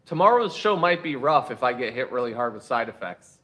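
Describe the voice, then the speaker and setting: A man's voice: mid-range voice, big pitch swings, fairly quick, a bit bright. A man hosting a political commentary show, reading viewer chats with wry asides, and saying he is tired.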